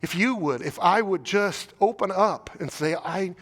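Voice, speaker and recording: An American man delivers a sermon in a fairly high voice, earnest and pleading. He stacks rhetorical questions and doubles back on his words. The sound rings with the long reverb of a church hall. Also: lively intonation, moderate pace, fairly bright tone. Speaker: pastor. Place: church sanctuary.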